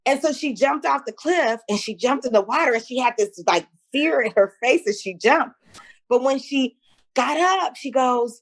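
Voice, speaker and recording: A woman's voice: high-pitched, normal speed. A middle-aged woman who tells stories in a casual interview and acts out the voices she quotes. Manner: storytelling, animated, acts out quotes. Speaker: guest entrepreneur.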